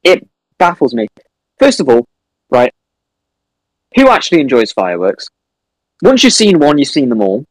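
A man's voice: mid-range voice, moderate pace, long pauses, dry recording, low-quality recording. A young man co-hosting a casual podcast, ranting and swearing a lot. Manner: animated ranting, heavy swearing. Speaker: podcast co-host. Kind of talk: casual chat. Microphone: home computer mic over a voice call.

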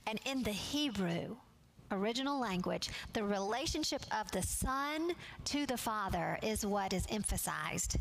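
A woman teaching a Bible study class from slides. She speaks in a measured, earnest way and leans on key words. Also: medium pitch, a bit bright, a little hiss or hum.

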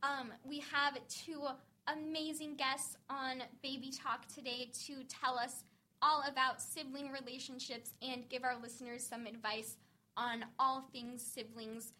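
A woman co-hosting a podcast with a very high, bright voice. She talks in quick, bubbly, teasing banter and asks her guests question after question. Her easy chat often quickens when she gets excited. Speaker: podcast co-host.

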